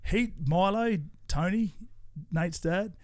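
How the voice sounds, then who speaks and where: A man's voice: high-pitched, takes it slowly, darkish tone, no room sound, clean studio sound. An Australian man in his forties, a podcast guest, telling rambling stories in casual chat and swearing freely.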